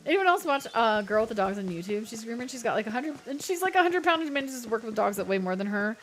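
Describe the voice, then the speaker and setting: A woman's voice: fairly high pitch, big pitch swings, quick pace, fairly bright tone, soft background music. Playful, chatty woman streamer. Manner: chatty, playful, reads chat aloud. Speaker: livestreamer. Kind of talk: casual gameplay chat.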